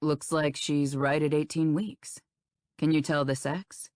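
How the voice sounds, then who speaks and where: A woman reading an audiobook, voicing a calm, reassuring male doctor in a soothing, matter-of-fact way. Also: a little high, unhurried, dry recording, clean studio sound, natural voice.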